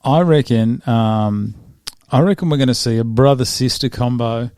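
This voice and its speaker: A man's voice: medium pitch, moderate pace, darkish tone, dry recording, studio quality. A man hosting a podcast, joking and rambling in casual chat, often breaking off mid-sentence. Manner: joking, rambling, self-interrupting. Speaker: podcast host.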